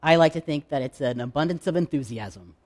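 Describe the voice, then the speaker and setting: A man preaching a sermon in a candid, conversational way, with dramatic pauses. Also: fairly high pitch, a little mellow. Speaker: pastor.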